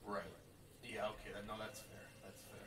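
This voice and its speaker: A man's voice: lowish voice, completely flat delivery, normal speed, natural voice. A man playing a groggy young fiancé, just awake. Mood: drowsy. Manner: groggy, drowsy and casual. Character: soft-spoken male fiancé waking from sleep. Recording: roomy, distant and noisy.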